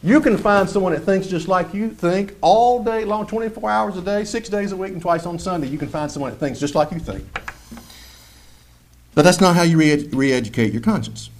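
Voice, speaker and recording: A male preacher delivering a sermon, animated and mocking as he imitates churchgoers. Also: high voice, moderate pace, slight background noise.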